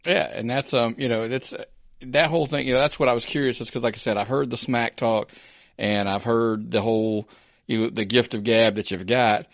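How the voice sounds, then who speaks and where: A man's voice: mid-range voice, fairly even intonation, normal speed, no room sound, clean studio sound. A man hosting a podcast, asking questions casually with hesitant restarts. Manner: hesitant, searching for words. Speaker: podcast host.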